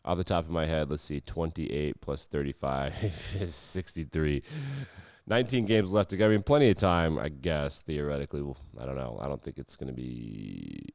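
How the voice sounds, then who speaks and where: A man's voice: a bass voice, normal speed, darkish tone, no room sound. A man hosting a sports podcast, giving casual commentary full of wry, sarcastic asides. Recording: dull lo-fi dry sound.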